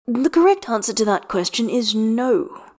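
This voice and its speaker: A woman's voice: fairly high pitch, lively intonation, a little slow, darkish tone, pitched above the performer's own voice. A woman reading the lines of a wry, aloof male vampire elf coach in a dry, clipped way.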